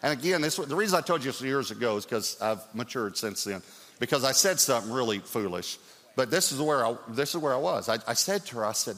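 A middle-aged man preaching a sermon as pastor, telling stories in an animated, lively way. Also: mid-range voice, quick pace. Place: church sanctuary. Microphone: stage mic. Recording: long hall reverb.

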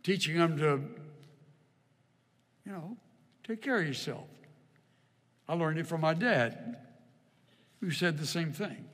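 A man's voice: fairly high pitch, animated, takes it slowly, long pauses, fairly bright tone. A middle-aged man preaching a sermon, telling personal stories in a conversational, wry yet earnest way. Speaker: pastor. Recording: long reverb of a large hall.

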